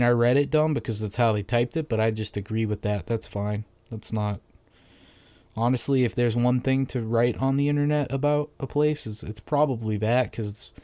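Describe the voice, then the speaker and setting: A man's voice: medium pitch, warm tone, no echo. A young man with a Massachusetts accent hosting a casual solo podcast, ranting bluntly with lots of swearing. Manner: profane, rambling, blunt. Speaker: podcast host.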